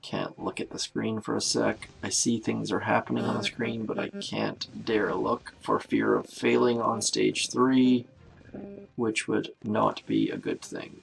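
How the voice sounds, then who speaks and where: A man's voice: on the low side, lively intonation, a little slow, creaky, slight background noise. A man from Canada giving chatty live commentary while playing a strategy game, greeting viewers as he goes. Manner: chatty, self-narrating, greets viewers by name. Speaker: game streamer.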